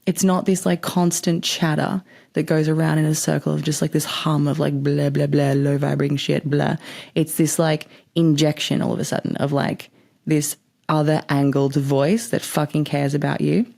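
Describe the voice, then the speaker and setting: A woman's voice: low voice, level tone, moderate pace, vocal fry, darkish tone. A woman hosting a podcast, giving spiritual advice in a chatty, rambling way and swearing casually. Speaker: podcast host.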